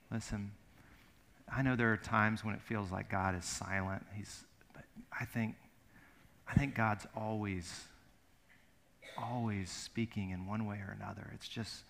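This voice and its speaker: Middle-aged male pastor, earnest sermon voice, ringing and bright. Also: fairly low pitch, fairly even intonation, unhurried, gravelly, a little hiss or hum. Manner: earnest, emphatic storytelling with repeated words.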